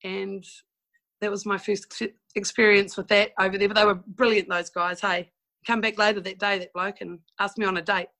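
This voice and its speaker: A woman's voice: mid-range voice, flat delivery, a little fast, pushed and bright, rough recording. A woman from New Zealand with a New Zealand accent, frankly telling stories from her past in a casual interview. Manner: chatty and frank, with mild swearing and laughing asides. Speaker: guest telling life stories.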